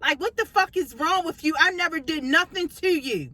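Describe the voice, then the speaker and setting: Bright-voiced woman ranting in a car. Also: very high-pitched, lively intonation, normal speed, rough recording. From Baltimore, USA. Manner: confrontational, profane, repeats lines for emphasis. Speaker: vlogger. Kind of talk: ranting vlog monologue. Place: inside a car.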